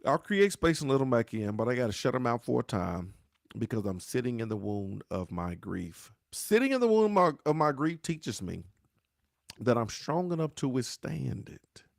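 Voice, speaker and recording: A grief speaker gives a motivational talk with a preacher-like cadence, repeating phrases and calling his listeners "y'all." His medium-pitched, gravelly voice is very animated at normal speed. The sound is clean studio audio with no room sound.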